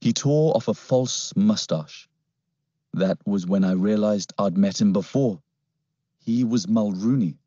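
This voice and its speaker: A man narrating an adventure audiobook in first person with a steady storytelling manner. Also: lowish voice, dry recording. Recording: dull lo-fi, dry recording.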